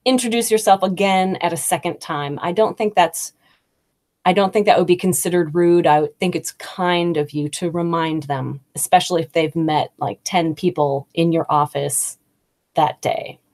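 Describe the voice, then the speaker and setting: A woman in her thirties hosting a live English lesson, explaining slowly and kindly with examples. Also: on the low side, a little mellow. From United States. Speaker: English teacher and host. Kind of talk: live-streamed teaching talk.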